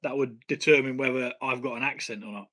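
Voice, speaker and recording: A man's voice: mid-range voice, fairly even intonation, fast, sharp tone. A man with a British accent hosting a casual home brewing live stream, blunt and swearing casually, laughing at himself. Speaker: home brewing channel host.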